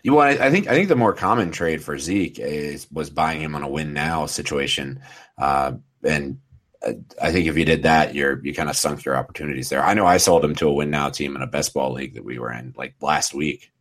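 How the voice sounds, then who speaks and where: This man has a very low voice and hosts a casual sports podcast chat. He leads the talk, moves the panel along and throws in quick sarcastic asides. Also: fairly bright tone. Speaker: podcast host.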